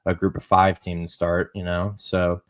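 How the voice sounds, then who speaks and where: A man with a fairly low voice hosts a solo college football podcast. He talks in a loose, conversational way, circling back over his phrases, and leans in hard when he hypes up a player. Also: completely flat delivery, moderate pace. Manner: conversational, repeats and restarts phrases, emphatic on praise. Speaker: podcast host.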